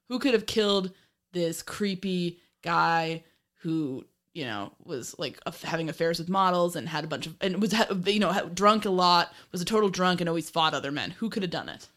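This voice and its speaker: A woman's voice: lowish voice, fairly bright tone. A woman co-hosting a podcast, chatting casually about an old film, laughing often and swearing now and then. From Ireland. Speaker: podcast co-host.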